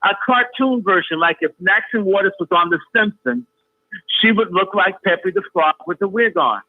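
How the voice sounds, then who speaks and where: A man's voice: sits high, expressive, normal speed. Emphatic man on a tinny phone line. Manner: emphatic, repeats phrases forcefully. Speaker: guest. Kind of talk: heated call-in talk. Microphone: phone call.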